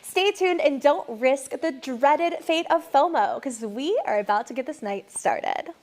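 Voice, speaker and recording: A woman's voice: high-pitched, measured pace, darkish tone. Bubbly, giggly woman hosting a live show. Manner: bubbly and giggly, lots of laughter. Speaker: co-host of a live online show. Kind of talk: upbeat scripted live-stream hosting. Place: mansion.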